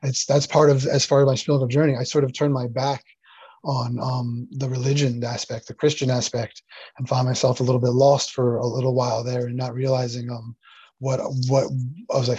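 A man speaks in a husky, breathy voice, stumbling through restarts and fillers as he holds back tears. His voice comes through a dry, slightly dull lo-fi recording, as on a video call. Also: mid-range voice, flat delivery, a little fast, warm tone, no echo. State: near tears. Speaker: interview guest, sound healer. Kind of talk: emotional personal story in casual conversation.

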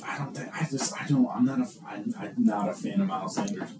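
A man co-hosting a casual sports podcast, talking in an animated, rambling way and often restarting his sentences. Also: on the low side, fast. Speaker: podcast co-host.

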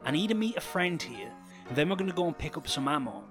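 A man's voice: fairly high pitch, big pitch swings, fast talker, soft background music, voice pushed up. A man doing a brash, condescending outlaw. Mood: teasing. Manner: teasing drawl, turns to frantic shouting. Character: brash condescending male outlaw, hot-tempered in danger.

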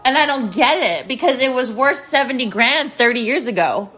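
A woman in her thirties hosts a casual solo podcast from a spare bedroom at home, soft music playing behind her. Her slightly high voice is animated and sharp at a normal pace, and she addresses listeners directly while repeating her phrases.

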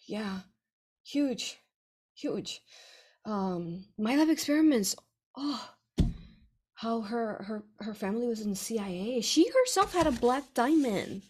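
A woman author chatting casually with her audience in a rambling, effusive way, swinging between excitement and hushed earnestness. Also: medium pitch, slightly rough. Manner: rambling and effusive, many fillers and restarts. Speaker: author answering reader questions. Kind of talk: casual livestream chat.

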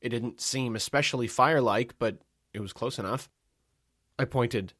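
Wry deadpan male storyteller. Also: mid-range voice, brisk, no echo, studio quality. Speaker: narrator. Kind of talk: first-person comic story narration.

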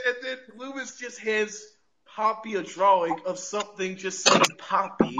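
Podcast host, male, high-pitched, excitable and profane, casual recap delivery, muffled lo-fi sound. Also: normal speed, heavy background noise. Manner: animated, profane, repeats words, laughs often. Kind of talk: casual wrestling recap chat.

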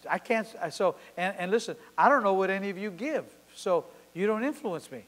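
A man's voice: high-pitched, lively intonation, brisk, a bit bright, big-room sound, poor audio. A man preaching a sermon as pastor, driving his points home with short, emphatic, repeated declarations.

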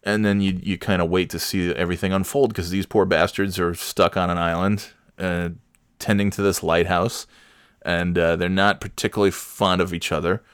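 Deep-voiced man ranting about a film. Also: level tone, moderate pace, smooth, dry recording, studio quality. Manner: rambling, profane, self-mocking. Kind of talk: casual movie rant.

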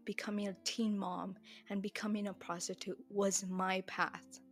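A young woman hosting a solo podcast, talking bluntly and heatedly and swearing freely. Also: medium pitch. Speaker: podcast host.

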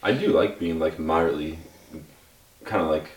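A man's voice: rumbling low, a little fast. A young man in a casual chat with friends, speaking hesitantly with many fillers. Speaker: guest. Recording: roomy sound from a distant mic.

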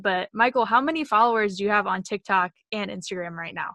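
A woman's voice: medium pitch, fairly quick, hardly any pauses, fairly bright tone, no room sound. A woman in her twenties hosting a casual podcast, talking in an effusive, enthusiastic way. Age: 20s. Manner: effusive, enthusiastic, gushing with praise. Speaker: podcast host.

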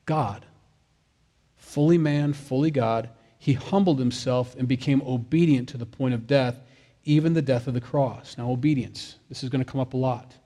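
A man's voice: medium pitch, normal speed, warm tone. A man, a father of young kids, preaching a sermon in a conversational way, with jokey asides and acted-out quotes. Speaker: pastor.

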